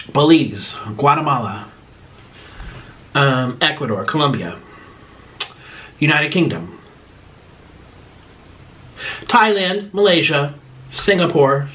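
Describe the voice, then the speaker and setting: A man's voice: on the high side, fairly bright tone. A man vlogger eating on camera and rambling emotionally through fan questions in casual chat.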